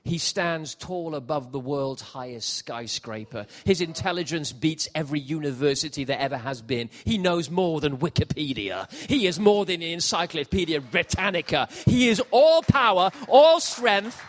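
A middle-aged man preaching a sermon, jokey and animated, shifting from quiet asides to loud shouts. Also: a little high, normal speed, hardly any pauses. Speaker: pastor. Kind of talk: sermon with comic storytelling. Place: church hall with congregation.

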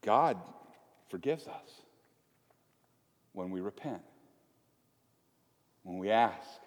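A lowish, expressive male voice moves very slowly as a pastor preaches to his congregation. The sermon is chatty and humorous, with small scenes acted out, and the church sanctuary's hall gives the recording an echo.

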